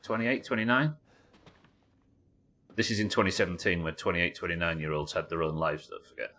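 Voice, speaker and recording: A man's voice: low-pitched, fairly even intonation, fairly quick, sharp tone. A British man commenting on a horror game as he plays it live, musing aloud, reading notes and chatting with viewers. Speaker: streamer.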